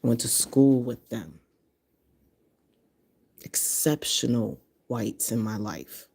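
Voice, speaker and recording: A woman's voice: very deep voice, expressive, takes it slowly, creaky, warm tone, slightly rough. A woman in her fifties from Connecticut, talking bluntly and profanely in a casual monologue to camera. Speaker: vlogger.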